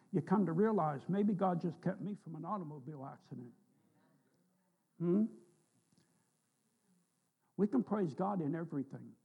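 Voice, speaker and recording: Gravelly, husky preacher with a mellow voice. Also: male voice, fairly high pitch, phone-quality sound. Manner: folksy storytelling preacher, rising emphatic on scripture. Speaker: pastor. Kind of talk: sermon. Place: church sanctuary.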